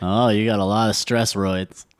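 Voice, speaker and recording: A man's voice: fairly low pitch, level tone, moderate pace, dry recording, clean studio sound. A man hosting a comedy podcast, bantering playfully and laughing often. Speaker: podcast co-host.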